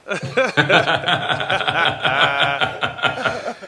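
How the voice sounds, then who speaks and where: A man telling a story in casual, animated style, laughing and using slang. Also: a little high, drawn-out words, crowd noise. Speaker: former basketball player telling a story. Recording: echoey room.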